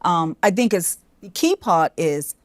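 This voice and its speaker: Gently guiding woman relationship coach. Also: fairly low pitch, animated, a little slow, no room sound. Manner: gently guiding, asks questions. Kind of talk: coaching talk show. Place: television studio.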